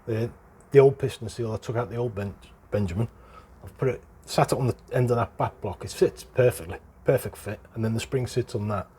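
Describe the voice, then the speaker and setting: A man's voice: medium pitch, a little fast, few pauses, warm tone, slightly rough. A middle-aged British man with a chatty, explanatory way of talking, walking through a hands-on repair. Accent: British English. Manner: chatty and explanatory, chuckles between points. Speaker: airgun hobbyist presenter. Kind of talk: casual hands-on repair walkthrough.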